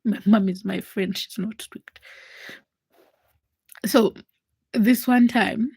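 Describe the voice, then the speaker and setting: A woman in her twenties, hosting a livestream and telling a personal story in a casual, animated way, acting out the voices of the people in it. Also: medium pitch, slow, creaky, breathy edge, no echo. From Uganda. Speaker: livestream host.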